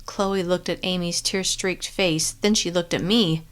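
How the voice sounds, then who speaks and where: A woman reading a novel aloud in first-person narration with a steady, clear delivery. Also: fairly low pitch, measured pace. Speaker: audiobook narrator.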